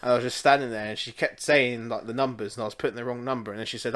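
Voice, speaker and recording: A young man chats casually and laughs easily. His voice sits at an ordinary pitch, and he swears freely as he tells his own stories. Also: fairly even intonation, rapid-fire, a bit bright. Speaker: podcast co-host. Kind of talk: casual chat.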